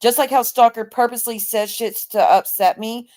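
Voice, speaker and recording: A woman's voice: fairly high pitch, steady tone, normal speed, a little mellow. A woman hosting a livestream, delivering a heated, profane rant and sounding tired. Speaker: livestream host.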